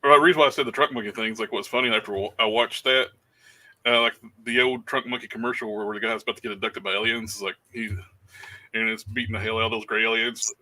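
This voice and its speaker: A man's voice: lowish voice, fast talker. A man co-hosting a casual podcast chat, telling stories. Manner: storytelling, animated. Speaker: podcast co-host.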